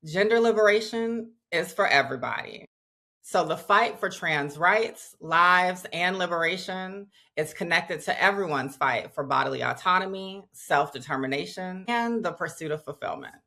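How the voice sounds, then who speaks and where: A woman's voice: on the low side, lively intonation, moderate pace, bright, forceful tone. A woman with a Southern accent moderating a panel, reading an earnest, emphatic introduction.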